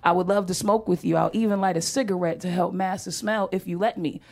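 A woman's voice: fairly low pitch, steady tone, fairly quick, creaky, a little mellow. A woman comedian voicing an eager, friendly woman stranger who is keen to join in, in a plain near-natural voice.

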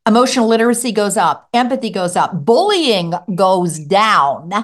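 A middle-aged woman who used to teach, a guest on a podcast interview, telling stories in a lively way and acting out what children said. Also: medium pitch, normal speed. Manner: animated storyteller acting out children's voices. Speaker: guest author and former teacher.

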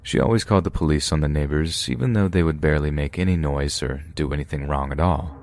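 A man with an extremely deep voice reads true horror stories in a steady, measured narration. The sound is dry and close, with no room around it. He keeps an even, deliberate storytelling pace throughout. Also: vocal fry, dry recording. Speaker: podcast narrator. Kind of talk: scripted narration of scary stories.

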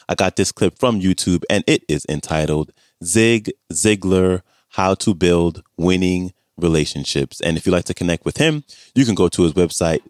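A male podcast host with a very deep voice reads the show notes and links in a plain, steady delivery. The recording is dry and close, with no room sound. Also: no echo.

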